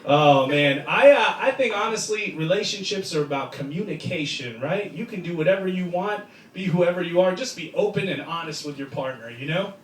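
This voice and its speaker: A man's voice: fairly high pitch, lively intonation, moderate pace, far from the mic. A man doing a brash, crude stand-up comedy set in a comedy club before a live crowd. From United States. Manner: brash, crude, mocking punchlines with voiced asides. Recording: roomy club sound, loud crowd laughter.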